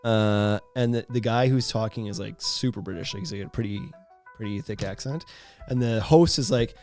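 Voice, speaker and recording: A man's voice: fairly low pitch, normal speed, a little mellow, soft background music. A man co-hosting a podcast, telling rambling stories in casual chat and laughing often. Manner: rambling storyteller, laughs a lot. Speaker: podcast co-host.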